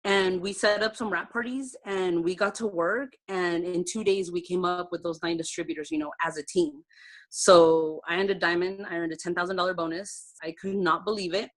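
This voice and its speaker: Woman team leader on a video call, a bit low voice, heartfelt chatty story with lots of ums. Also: steady tone, normal speed. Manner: heartfelt, conversational, many fillers. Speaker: direct-sales team leader. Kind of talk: personal success story at a team training call.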